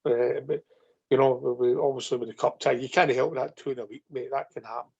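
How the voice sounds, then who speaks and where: Chatty Scottish host saying mate. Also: male voice, mid-range voice, fairly even intonation, brisk, gravelly, a loud crowd. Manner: chatty, says mate constantly. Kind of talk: phone-in football talk. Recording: dull lo-fi phone-in audio.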